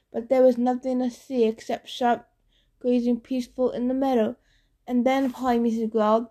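A woman narrating an audiobook in a steady, expressive reading voice. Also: fairly high pitch, normal speed.

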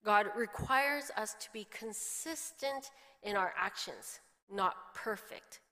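A woman's voice: mid-range voice, takes it slowly, pushed and bright. A middle-aged woman pastor giving a chatty sermon, telling stories and slipping into quoted voices, often laughing. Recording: long hall reverb.

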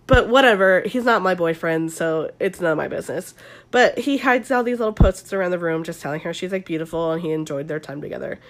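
A woman's voice: lowish voice, expressive, fast. A young woman with a Southern Californian accent, sick with the flu, recapping a reality show on her podcast in a chatty, swearing style full of likes and ums. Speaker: podcast host.

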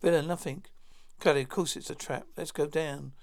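Male reader with a gravelly, somewhat high voice who plainly reads out a drama script, speaker names included. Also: fairly even intonation, moderate pace, darkish tone. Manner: announces each speaker's name before the line. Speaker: narrator reading all parts. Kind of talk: plain read-through of a script.

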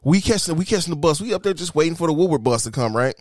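A man's voice: fairly high pitch, racing, dry recording, studio quality. Profane man telling stories. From Detroit, Michigan. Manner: profane, animated storyteller. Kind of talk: casual storytelling chat.

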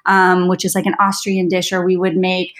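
A woman's voice: fairly low pitch, completely flat delivery, moderate pace, fairly bright tone. A woman dietitian co-hosting a podcast in casual, reflective chat full of "like" fillers. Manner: chatty and reflective, many fillers like "like".

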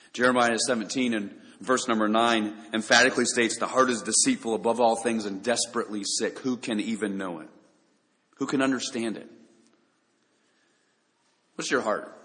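A man's voice: medium pitch, a bit bright, big-room sound, low-quality recording. A man preaching a sermon, speaking earnestly and addressing listeners directly with rhetorical questions. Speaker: pastor.

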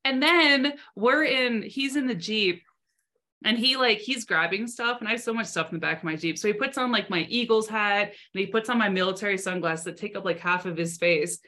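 A young adult woman co-hosting a podcast, telling animated stories in casual chat and swearing freely. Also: medium pitch, fairly quick. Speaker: podcast co-host.

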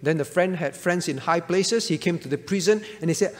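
Man, pastor, earnest sermon delivery, slightly raised pitch, lingering reverb. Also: expressive, moderate pace, gravelly, hardly any pauses. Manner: earnest preaching, often checking in with "all right?".

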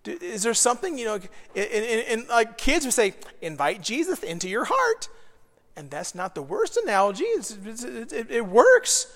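High-voiced preacher in a reverberant hall. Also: male voice, very animated, moderate pace, few pauses, a bit bright. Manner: conversational, acts out quoted voices. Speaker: pastor. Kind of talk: sermon. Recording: long reverb of a large hall.

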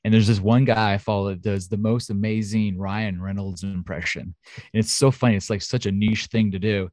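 A man's voice: fairly low pitch, fairly even intonation, normal speed, a little mellow, a little hiss or hum. A man co-hosting a podcast in casual chat, talking in a chatty, enthusiastic way with lots of fillers. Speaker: podcast co-host. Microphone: home studio mic.

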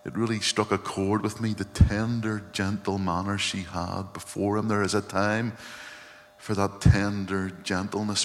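A male pastor giving an earnest, reflective sermon and often quoting scripture. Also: fairly low pitch. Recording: long hall reverb, faint hum.

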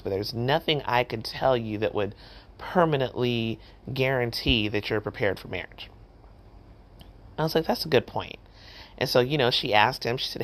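A middle-aged woman hosting a podcast, telling a personal story in a chatty, animated way with lots of fillers and acted-out quotes. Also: a bass voice. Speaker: podcast host. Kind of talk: casual storytelling.

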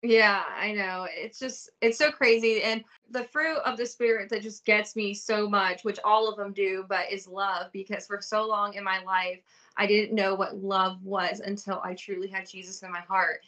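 A woman's voice: medium pitch, fairly even intonation, moderate pace, fairly bright tone, far from the mic. A woman co-hosting a podcast, speaking earnestly in a casual faith chat. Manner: earnest, testifying. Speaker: podcast co-host.

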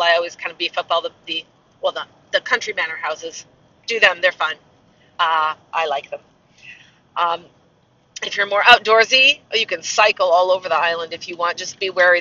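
A man's voice: sits high, steady tone, normal speed, bright, forceful tone. A man who works as a castle tour guide, chatting in a rambling, self-mocking vlog style. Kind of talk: casual vlog chat. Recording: muffled, slightly distant mic.

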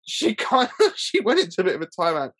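A man's voice: high voice, wildly swooping pitch, fast, fairly bright tone, no echo. A man telling stories in a casual chat, stop-start and laughing often. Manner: rambling, stop-start storytelling with frequent laughs. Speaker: guest filmmaker.

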